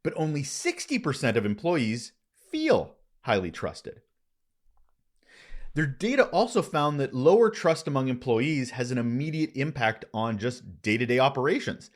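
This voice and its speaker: A man's voice: mid-range voice, moderate pace. A man hosting a workplace podcast, introducing his guest with playful asides. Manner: lively, playful delivery with asides. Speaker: podcast host. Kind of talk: podcast interview.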